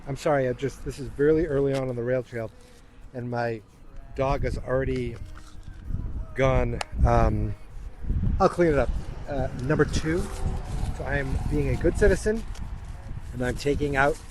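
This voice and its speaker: A man's voice: medium pitch, moderate pace, long pauses, noisy background. A man hosting a casual solo podcast outdoors on a walking trail, speaking into a tiny handheld microphone. He rambles in a self-deprecating way and sometimes puts on a mock vampire voice. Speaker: podcast host. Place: outdoors on a rail trail while walking a dog.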